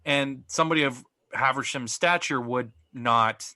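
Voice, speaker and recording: A man's voice: medium pitch, moderate pace, bright, forceful tone, no echo. A man co-hosting a podcast in casual chat, recapping plot at length with plenty of ums and uhs. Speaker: podcast co-host.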